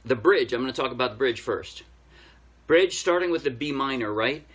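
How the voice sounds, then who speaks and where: A man's voice: medium pitch, lively intonation, normal speed, a bit bright. A man giving a casual ukulele lesson, explaining step by step while he plays. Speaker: ukulele teacher. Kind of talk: casual music tutorial explanation. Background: ukulele playing.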